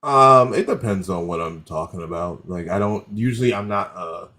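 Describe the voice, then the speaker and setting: A comedian guest on a podcast speaks in a low voice at a moderate pace, his tone bright and forceful. He tells rambling anecdotes in casual chat, correcting himself along the way.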